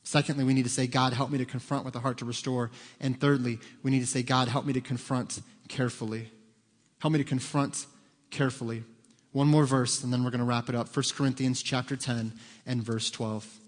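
A man's voice: mid-range voice, level tone, a little fast. A man preaching a sermon as pastor, earnest and pleading, lifting his voice when he quotes scripture. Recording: long reverb of a large hall.

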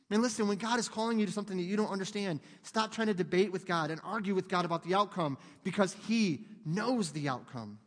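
A man preaching a sermon in an animated way, joking with the congregation and acting out voices. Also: high voice, quick pace, hardly any pauses. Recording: long hall reverb.

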